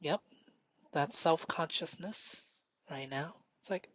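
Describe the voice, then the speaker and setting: A man doing a slow, meditative spoken self-reflection, halting and often dropping into a whisper. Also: on the high side, dry recording. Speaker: solo performer. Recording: dull lo-fi dry recording.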